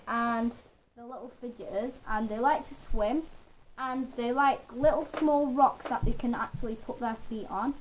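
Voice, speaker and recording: A woman vlogger at home casually showing and explaining her pet toad in a halting, rambling way with many restarts. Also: on the high side, fairly bright tone, a little hiss or hum, rough recording. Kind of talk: casual show-and-tell.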